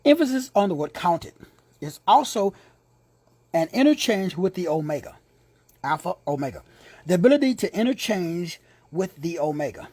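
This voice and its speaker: A male Bible teacher delivers an emphatic lesson, repeating his key words and tossing in casual street asides. His voice is husky and fairly high, with lots of movement in pitch. It is recorded close and dry, with no room sound. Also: very animated, moderate pace, long pauses, darkish tone, no room sound. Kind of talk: teaching sermon.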